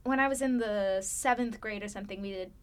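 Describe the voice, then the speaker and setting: A woman's voice: mid-range voice, fairly quick, clean tone. A woman in her thirties, an actor guest on a podcast, chatting enthusiastically, laughing easily and imitating voices. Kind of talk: casual interview chat.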